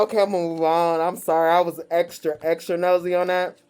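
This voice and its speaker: A woman's voice: fairly low pitch, flat delivery, fairly quick, a little mellow, clean tone. A woman doing a casual tarot reading, blunt and profane, often breaking into laughter as she mocks her subjects. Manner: blunt, profane and gleefully mocking; laughs often between phrases. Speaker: tarot reader.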